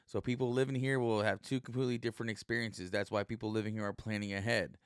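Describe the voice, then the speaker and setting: A man with a low, smooth, resonant voice talks on his own podcast in a loose, meandering way, swearing freely and filling gaps with "uh" and "you know." He sounds like a stand-up comic just shooting the breeze. The recording is close and dry, with no room sound. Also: steady tone, quick pace, no room sound. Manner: rambling and profane, heavy with fillers. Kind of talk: casual solo podcast monologue.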